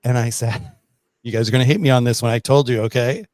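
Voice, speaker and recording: Animated male host in a dry room. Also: medium pitch, fast, no echo. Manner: animated storyteller. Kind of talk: casual chat.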